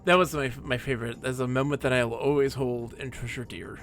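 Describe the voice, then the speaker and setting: A man streaming a game, telling a rambling personal story in a chatty, animated way. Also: mid-range voice, fairly quick, faint music behind. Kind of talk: casual storytelling while playing a game.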